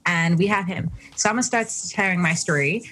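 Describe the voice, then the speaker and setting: A woman's voice: lowish voice, brisk, fairly bright tone, husky. A young woman from South Africa hosting a podcast, animatedly telling a personal story and acting out her own thoughts. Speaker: podcast host. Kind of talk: casual storytelling.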